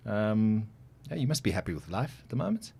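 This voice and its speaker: A man's voice: lowish voice, big pitch swings, brisk, gravelly, mellow, husky. A man hosting a casual interview, chatty and joking with plenty of fillers. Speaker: podcast host.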